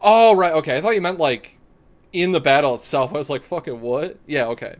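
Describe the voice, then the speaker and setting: With game music clearly playing underneath, a young man streams a live game and keeps up casual, profane chatter full of giggles. His voice is a little high, his intonation lively, and his pace fairly quick.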